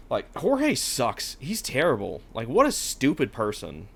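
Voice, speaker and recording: A man co-hosting a casual book discussion, his voice sitting at an ordinary middle pitch. He riffs irreverently on the characters and drops into quick mocking impressions. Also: huge pitch swings, gravelly. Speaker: podcast co-host.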